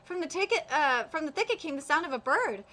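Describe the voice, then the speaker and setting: A woman's voice: high voice, sing-song, normal speed, sharp tone, full character voice. A woman reading as a sly, teasing male exorcist. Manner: read aloud with hesitant fillers.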